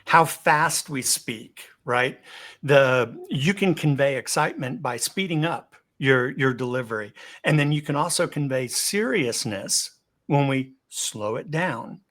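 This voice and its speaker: A man speaking as a guest on a video-call webinar, in a medium voice that keeps moving. He speeds up and climbs in pitch for excitement, then drops low and soft for serious points, often stumbling on a doubled word before he goes on. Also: a little slow. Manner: animated, varies pace, pitch and loudness for emphasis; repeats words when starting a thought. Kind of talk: instructional webinar talk.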